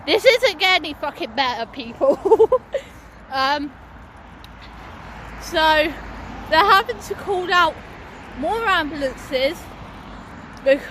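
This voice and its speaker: Chatty woman, high lively voice. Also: slow, pauses often. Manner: chatty, swears casually, laughs often. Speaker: vlogger. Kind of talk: casual walking vlog. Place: outdoors on a busy street by a bus stop. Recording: loud street traffic noise outdoors. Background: passing traffic and buses.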